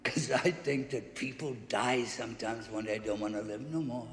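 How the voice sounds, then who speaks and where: An actor playing a gruff, devoted old boxing trainer who talks in rough street slang. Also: male voice, medium pitch, moderate pace, natural voice. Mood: tender. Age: older. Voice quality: gravelly. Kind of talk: film drama acting. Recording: echoey room with score music.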